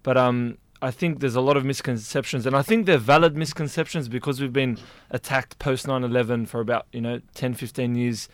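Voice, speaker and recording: A young man co-hosting a relaxed panel, feeling his way through each point with ums and restarts. His voice sits in a middle pitch and is recorded dry and close. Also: a little fast, hardly any pauses, dry recording. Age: young adult. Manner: hesitant, with fillers and restarts, laughs easily. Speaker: journalism student and show co-host. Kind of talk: casual panel discussion.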